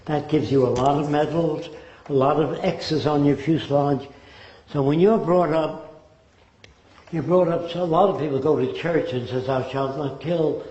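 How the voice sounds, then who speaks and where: A man's voice: on the high side, dark tone. Older man lecturing with rhetorical questions. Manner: emphatic, rhetorical questions, mimics accents. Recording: dull, roomy recording.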